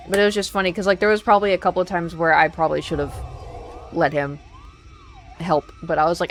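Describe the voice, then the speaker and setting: A woman's voice: on the low side, fast talker. A young woman streaming a game, chatting casually and telling stories, acting out quoted lines with energy. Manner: chatty, animated, acts out quotes. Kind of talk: casual storytelling while gaming.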